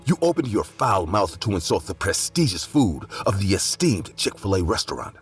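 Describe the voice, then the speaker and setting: A man's voice: low-pitched, sing-song, moderate pace, soft background music. A man voicing a menacing unhinged restaurant worker. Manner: menacing, haughty.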